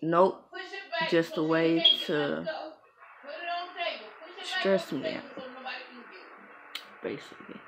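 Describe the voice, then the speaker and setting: A woman's voice: deep voice, very slow, long pauses, over a noisy crowd. A young woman telling a personal story in a frank, profane, casual way, full of trailing fillers. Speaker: vlogger. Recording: noisy background hiss.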